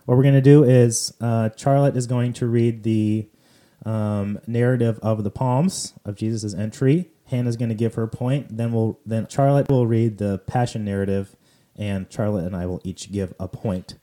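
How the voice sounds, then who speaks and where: A man's voice: fairly low pitch, steady tone, moderate pace, warm tone. A man hosting a church podcast, talking in a loose, conversational way with plenty of fillers. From California. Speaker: podcast host. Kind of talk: casual chat on church readings.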